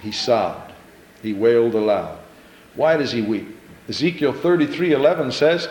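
A male pastor preaching an impassioned sermon in a church, repeating phrases and stumbling into quick restarts as he builds. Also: mid-range voice, animated, a little mellow, reverberant, slight background noise, rough recording.

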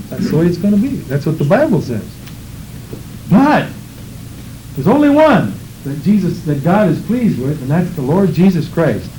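A man preaching with fervor, his high voice swooping widely between phrases as he reads scripture and prays. The tone is mellow and soft-edged. A faint hiss of church background sits behind him. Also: sing-song, normal speed, pauses often, low-quality recording. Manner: fervent, rhythmic preaching with scripture reading. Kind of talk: sermon.

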